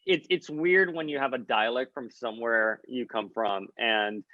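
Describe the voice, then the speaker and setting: A man's voice: mid-range voice, moderate pace, dry recording. A man with a Miami accent whose first language is Spanish, hosting a podcast and chatting playfully, laughing easily. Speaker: podcast host. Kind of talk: casual chat, interviewing. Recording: dull, dry sound.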